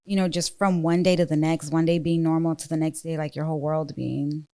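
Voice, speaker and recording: Earnest woman with a lowish voice. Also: flat delivery, dark tone, clear, resonant tone. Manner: earnest, halting personal storytelling. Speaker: podcast guest. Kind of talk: casual chat.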